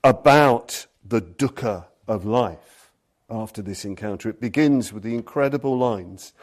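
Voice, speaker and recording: A man with a low voice and a slightly slow delivery gives a Buddhist dharma talk. As a teacher, he tells stories and reads passages aloud.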